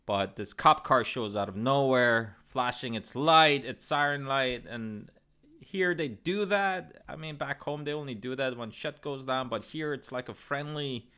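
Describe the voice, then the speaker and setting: A man in his thirties with a bright, forward voice, spinning a road-trip yarn in loose, rambling speech. He swears freely and keeps a laid-back, offhand tone, sitting at an everyday middle pitch. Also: unhurried, clean tone. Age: 30s. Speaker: travel vlogger. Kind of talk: casual storytelling narration.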